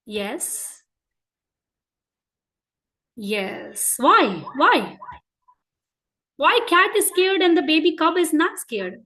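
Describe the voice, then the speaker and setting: A woman with an Indian English accent leads a children's class. Her voice is high and bright. She keeps asking the children questions and tells her examples with lively, animated storytelling. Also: extremely slow, long pauses, rough recording. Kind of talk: interactive lesson for children.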